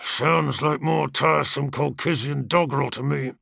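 A man's voice: a little high, steady tone, moderate pace, creaky, fairly bright tone, no echo, clean studio sound, exaggerated voice. A man reading the part of a scornful, battle-hardened male warrior who mocks and growls his words, in an audiobook. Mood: mocking. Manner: mocking, growling through teeth.

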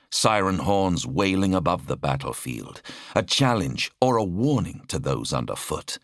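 Deep-voiced man narrating dramatically. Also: no room sound, clean studio sound. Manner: dramatic, expressive reading. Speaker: audiobook narrator. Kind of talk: scripted audiobook narration.

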